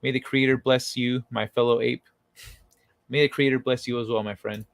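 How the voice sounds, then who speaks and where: A man's voice: mid-range voice, steady tone, normal speed, creaky, no room sound. A man hosting a casual late-night livestream, reading chat messages aloud and answering them in a loose, profane way. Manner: loose and profane, swears freely. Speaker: livestream host.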